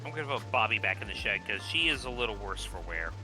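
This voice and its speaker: Excitable male co-player, very lively voice, clear music behind. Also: fairly low pitch, fast, poor audio. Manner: excitable, laughs easily. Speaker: stream co-player. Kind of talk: casual game-stream chat.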